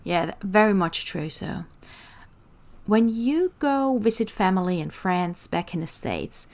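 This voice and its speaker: A woman's voice: medium pitch, expressive, unhurried, darkish tone. A woman with an Austrian accent hosting an interview podcast, asking questions and explaining directly through worked examples. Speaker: podcast host. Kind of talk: conversational interview.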